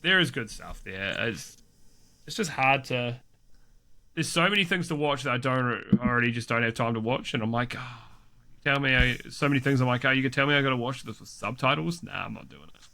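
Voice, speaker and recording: A man's voice: medium pitch, a little fast, bright, forceful tone. A man chatting casually as a podcast co-host, swearing freely, laughing often and restarting his sentences. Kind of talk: casual chat.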